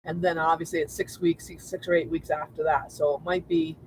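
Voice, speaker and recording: A woman's voice: sits low, level tone, fairly quick, low-quality recording. A chatty woman co-hosting a casual livestream, repeating herself and laughing easily. A faint hiss sits under her voice. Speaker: co-host of a travel livestream.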